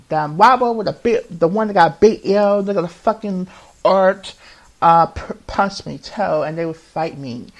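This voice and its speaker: A young man in his twenties talks through a personal confession on his podcast. He rambles and circles back, restarting sentences and breaking off as his feelings get the better of him. The delivery is unscripted and loose, like talking to a friend. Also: high-pitched. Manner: rambling and repetitive, with many restarts; emotional, often breaking off mid-thought. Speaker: podcast host. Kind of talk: casual confessional monologue.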